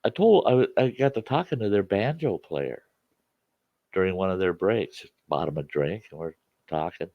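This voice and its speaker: A man's voice: low voice, expressive, moderate pace, gravelly, dry recording, dull audio. A man hosting a casual chat show, telling rambling, folksy stories with many restarts. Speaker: campfire chat show host.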